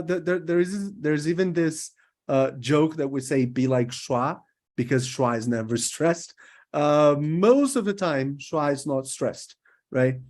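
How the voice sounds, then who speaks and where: In a recorded English pronunciation lesson, a Brazilian man with a fairly high, somewhat dark voice stretches out vowel sounds to show them. He keeps checking in with his listeners, often asking "right?"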